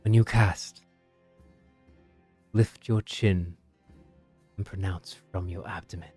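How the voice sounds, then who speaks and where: A man's voice: deep voice, steady tone, slow pace, a little mellow, soft background music. A man voicing a refined male cat-folk figure who speaks in an eloquent, formal manner. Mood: calm formal. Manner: eloquent, formal, posh-sounding accent.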